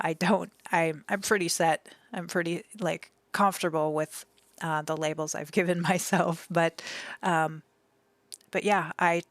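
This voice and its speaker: A young woman streamer talks to her chat in a gentle, emotional, rambling way, full of fillers and restarts. Her voice sits a little low for a woman. The sound is dry and close, from a desk microphone at home. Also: no room sound. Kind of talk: casual live-stream chat.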